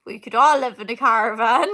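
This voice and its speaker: A young woman's fairly high, sharp voice moves a little fast as she hosts a live Q&A as a singer from home. Indoors and relaxed, she answers stream comments, rambling casually with plenty of fillers and laughs.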